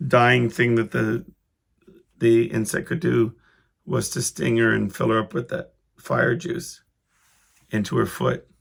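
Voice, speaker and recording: A man's voice: mid-range voice, gravelly, a bit bright, husky. A man hosting his own podcast, telling a rambling story in a casual, self-interrupting way and chuckling as he goes. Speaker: podcast host.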